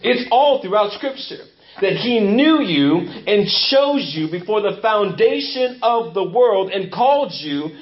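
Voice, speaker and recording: A pastor delivering a sermon in a church with an emphatic, repetitive preaching cadence. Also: male voice, high voice, expressive, measured pace. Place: church sanctuary. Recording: muffled lo-fi church recording.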